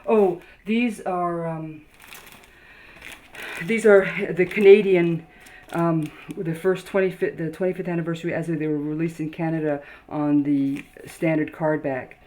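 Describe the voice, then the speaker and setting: A woman toy collector casually showing her collection, halting with many ums and restarts as she reads labels aloud. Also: low-pitched, steady tone, mellow. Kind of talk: casual show-and-tell narration. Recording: noisy home video.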